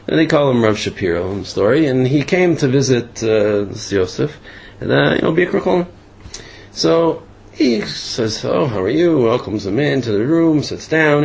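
A man's voice: medium pitch, vocal fry, breathy edge, rough recording. A man casually telling a long story aloud, rambling with many fillers and restarts.

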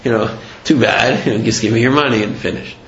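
A gruff, impatient robber brushes off pleas in a low, dismissive voice, as a male storyteller puts him on. The recording is roomy and slightly muffled. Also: fast talker, fairly bright tone, slight background noise, close to an everyday voice. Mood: curt. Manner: curt, dismissive.

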